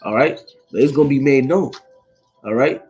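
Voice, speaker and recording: A man's voice: mid-range voice, moderate pace, darkish tone, soft background music, poor audio. A man reading scripture and explaining it in an informal, conversational way, often adding "man" and "all right?" and stumbling over words. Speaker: Bible teacher.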